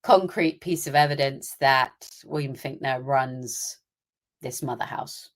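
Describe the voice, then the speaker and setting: Low-voiced British woman, chatty podcast host. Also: measured pace. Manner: chatty and opinionated, acting out asides. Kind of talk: casual chat.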